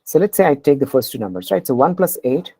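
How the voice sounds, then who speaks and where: A woman, tutoring a programming class. She keeps checking understanding with "right?" and pauses often with fillers. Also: low voice, lively intonation, dark tone, husky, no room sound, poor audio. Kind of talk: explaining a coding problem in class.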